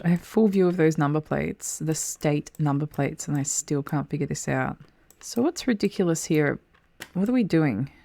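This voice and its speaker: A woman's voice: sits low, warm tone, no room sound. A woman commenting casually on a geography guessing game, thinking aloud, muttering asides and swearing freely. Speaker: game streamer.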